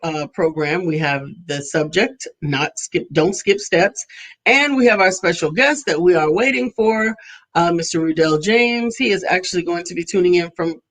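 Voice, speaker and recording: A woman's voice: on the low side, normal speed, fairly bright tone, rough recording. A woman in her fifties co-hosting a live talk show, chatting playfully and breaking into sung greetings. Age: 50s. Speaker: co-host. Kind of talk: casual live show chat.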